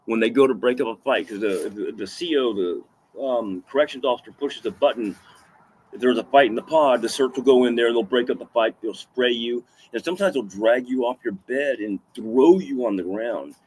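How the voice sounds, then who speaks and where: A man's voice: medium pitch, brisk, darkish tone, a little hiss or hum. Rambling, profane man telling a story. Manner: rambling, profane, with restarts and fillers; emphatic, repeats himself. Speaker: vlogger recounting a personal story. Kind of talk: casual first-person storytelling.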